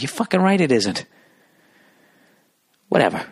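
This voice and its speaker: Brief: low, husky male comic ranting on a podcast, cursing, close dry mic. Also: a little fast, long pauses, no room sound. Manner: profane, animated, exasperated. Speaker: podcast host, comedian.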